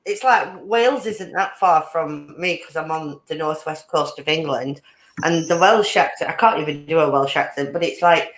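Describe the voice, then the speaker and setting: A woman's voice: deep voice, normal speed. A woman from Ireland hosting a casual chat podcast, talking freely, swearing and laughing often. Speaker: podcast host. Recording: roomy echo.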